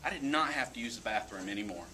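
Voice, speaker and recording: A man giving a motivational talk to a live audience, telling a story in an animated way with frequent laughs. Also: medium pitch, fast talker, heavy background noise. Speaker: motivational speaker. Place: event room with an audience.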